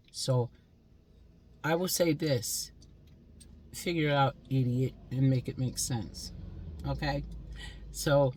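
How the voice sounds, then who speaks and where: A woman's voice: sits low, darkish tone, breathy edge. A woman in her sixties from Pennsylvania, delivering a blunt, profane, scolding monologue as a vlogger. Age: 60s.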